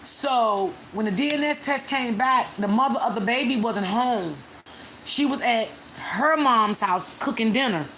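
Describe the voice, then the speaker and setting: A woman hosting a casual live stream, retelling a story to her viewers in a chatty way with many pauses and fillers. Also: a little high, fairly bright tone, a little hiss or hum.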